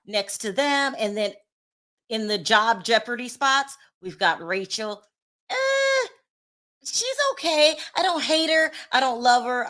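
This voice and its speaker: A woman's voice: fairly high pitch, a bit bright. A woman hosting a casual reality TV recap, chatty and candid, laughing often and talking to her viewers in the live chat. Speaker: reality TV commentary host.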